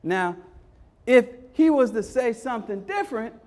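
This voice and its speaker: Very high-voiced man rallying parents. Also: lively intonation, moderate pace, a little mellow. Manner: call-and-response, repeats phrases, keeps asking "Hello?". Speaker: education speaker leading a parent workshop. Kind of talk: energetic motivational workshop talk.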